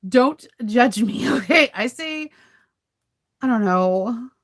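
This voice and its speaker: A woman's voice: fairly high pitch, lively intonation, takes it slowly. A woman hosting a casual live chat with viewers about sewing, rambling and laughing often. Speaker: sewing channel host.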